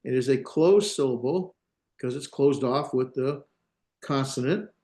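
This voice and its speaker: A male Hebrew teacher lectures a class on grammar, thinking aloud, hesitating and correcting himself as he goes. His medium-pitched voice is creaky and a little mellow.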